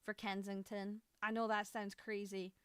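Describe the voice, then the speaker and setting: A woman's voice: mid-range voice, level tone, normal speed, clean tone, no room sound. A woman in her thirties with an Edinburgh Scottish accent, reacting on stream in a chatty, exclamatory way with frequent swearing, speaking into a studio mic at home. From Scotland, Edinburgh. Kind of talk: casual reaction commentary. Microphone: Shure studio mic.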